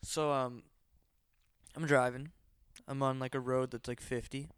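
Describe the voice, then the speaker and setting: A man's voice: mid-range voice, little pitch movement, a little slow, a bit bright, clean tone, dry recording, studio quality. Young man telling a sweary story. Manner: swearing storyteller, loose and laughing. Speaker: podcast co-host. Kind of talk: casual podcast chat.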